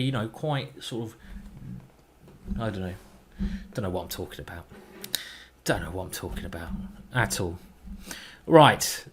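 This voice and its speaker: Male chess streamer, chatty self-talk, mid pitch, a little sweary. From England. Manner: chatty, thinking aloud, mildly sweary. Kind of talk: live game commentary.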